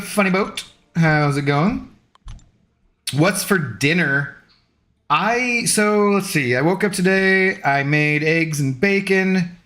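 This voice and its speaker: Young man streamer, rambling and easygoing, slightly higher voice, casual viewer chat, faint music behind. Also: fairly bright tone. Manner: rambling, easygoing, self-deprecating.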